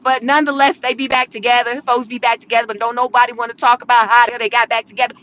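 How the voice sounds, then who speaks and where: A woman's voice: a little high, fast talker, hardly any pauses, sharp tone, low-quality recording. A woman giving casual, slangy commentary from her car, with laughing asides. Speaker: vlogger.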